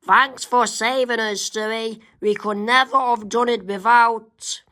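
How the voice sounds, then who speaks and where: A man's voice: very high-pitched, fairly even intonation, a little slow, bright, forceful tone, voice pushed up, heavily acted. A man voicing a cheerful young boy inventor in a slightly raised amateur voice. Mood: grateful.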